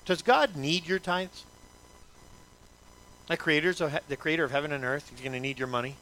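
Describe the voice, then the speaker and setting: A man's voice: fairly high pitch, normal speed, pushed and bright. A male pastor preaching a sermon in an emphatic, repetitive way, asking the congregation many rhetorical questions.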